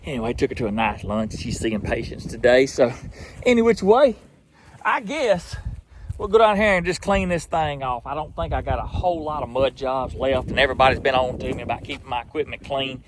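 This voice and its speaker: A man's voice: medium pitch, lively intonation, brisk, noisy background. A young man chatting casually in an outdoors vlog, laughing often, folksy. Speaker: outdoors vlogger.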